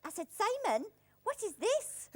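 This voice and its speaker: A woman's voice: extremely high pitch, big pitch swings, a little slow, no room sound, heavily acted. A woman voicing a cheeky, curious puppet bird on a children's show, coy and eager.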